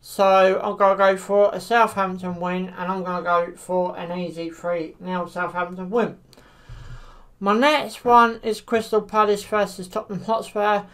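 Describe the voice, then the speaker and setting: Brief: woman, mid-pitched, chatty football vlogger, halting delivery, plenty of "you know". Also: little pitch movement. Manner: hesitant, many fillers like "you know". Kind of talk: casual solo commentary to camera.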